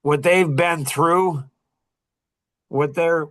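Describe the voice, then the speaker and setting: A middle-aged man hosting a podcast, telling a story in a casual, animated and heated way, with many restarts. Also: a little high, very slow. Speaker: podcast host.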